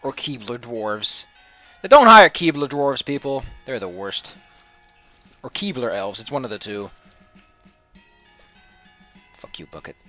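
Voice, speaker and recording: A man's voice: medium pitch, lively intonation, measured pace, pauses often, sharp tone, faint music behind. A man giving casual gameplay commentary as a let's play host, with sarcastic, mock-villainous rants and swearing.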